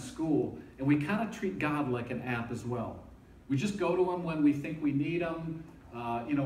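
A man's voice: medium pitch, a little mellow, a little hiss or hum. A man giving an informal, conversational sermon to students, often checking in with his listeners. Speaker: campus ministry speaker. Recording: echoey room, voice from a distance.

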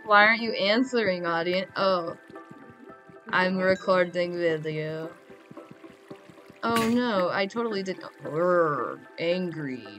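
A woman's voice: medium pitch, slow, pauses often, music in the background. A teenage girl giving casual, goofy gameplay commentary, chatting and rambling to her audience. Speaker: gamer.

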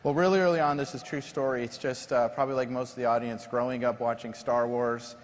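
A man being interviewed on a conference stage as a company founder, telling lively self-deprecating stories. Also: mid-range voice, fast talker. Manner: animated, self-deprecating anecdotes. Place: large conference stage before an audience. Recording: long reverb of a large hall.

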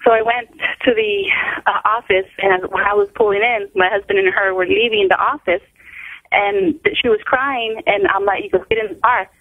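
A woman's voice: mid-range voice, animated, normal speed, no room sound. A middle-aged woman on the phone as an interview guest, telling a family story in a rambling way, restarting her sentences. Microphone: telephone. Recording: tinny phone line.

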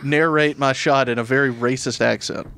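A man's voice: medium pitch, steady tone, moderate pace, sharp tone, slight background noise. Teasing man podcast co-host. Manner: teasing, wry banter. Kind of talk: casual chat banter.

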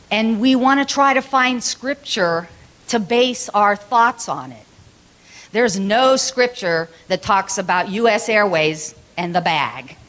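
A woman pastor preaching a sermon, telling a personal story in a chatty, animated way and acting out the other people's lines. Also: mid-range voice. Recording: live church recording with steady background noise.

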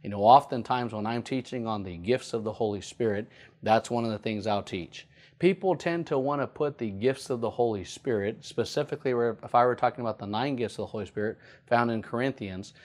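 A male pastor teaching a sermon, often repeating key points and slowing down to stress them. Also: on the low side, darkish tone.

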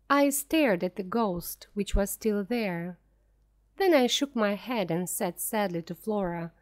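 A woman reading a simplified story aloud as a first-person narrator, clear and deliberate. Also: medium pitch, expressive. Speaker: audiobook reader.

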